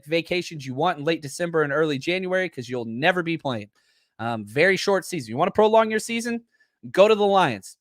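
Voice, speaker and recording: A man hosting a casual sports talk stream, speaking in a voice that sits a bit high for a man. He's animated and blunt and jokes with his chat. The sound is dry and close, with no room in it. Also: no room sound. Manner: animated, blunt, jokey, talks straight to chat. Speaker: podcast host.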